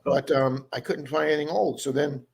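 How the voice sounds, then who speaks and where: A man's voice: a little high, fairly even intonation, fairly quick, gravelly, slight background noise. Rambling storyteller man hosting a stream. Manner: rambling storyteller, acts out quoted people. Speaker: live stream host, metal detectorist. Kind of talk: casual live stream chat.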